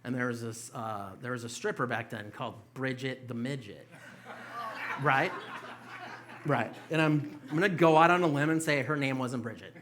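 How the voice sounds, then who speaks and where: Young male stand-up comic, bright tone, crude loose storytelling, club stage. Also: mid-range voice, moderate pace, slight background noise. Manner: loose, profane storytelling with mocking quoted voices. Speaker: stand-up comedian. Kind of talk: stand-up set. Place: small comedy club stage.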